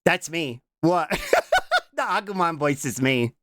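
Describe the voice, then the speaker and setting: A young adult VTuber streamer chatting casually on a live reaction stream. They break into playful shouts and keep tossing out a questioning "what?". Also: medium pitch, expressive, moderate pace, no room sound, clean studio sound. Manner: keeps repeating a questioning "what?" between remarks; stumbles and restarts mid-sentence.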